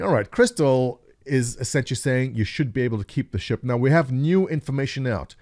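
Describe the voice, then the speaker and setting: A man's voice: medium pitch, lively intonation, brisk, darkish tone, dry recording. Male gaming news host, mid voice, wry and sarcastic, dry close-mic read. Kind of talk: casual gaming news commentary.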